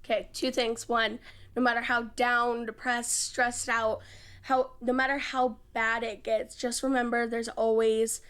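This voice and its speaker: A young woman in casual conversation who reads her own poetry. Her voice sits a little high. She reads softly and hushed, slipping into whispers on some lines. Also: little pitch movement, measured pace, clear, resonant tone. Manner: soft, hushed delivery with whispered lines in the poem. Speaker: poet guest. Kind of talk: casual chat and poetry reading.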